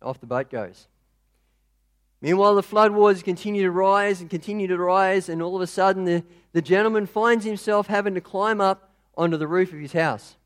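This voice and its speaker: A man telling a story in a relaxed, conversational sermon. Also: sits high, a little fast.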